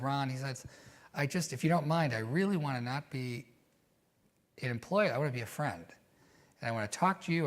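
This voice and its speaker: Here a man is interviewed as a guest in a relaxed conversation. His mid-pitched voice is easygoing, and he recounts stories thoughtfully, sometimes with animation, peppering his thinking-aloud with "you know."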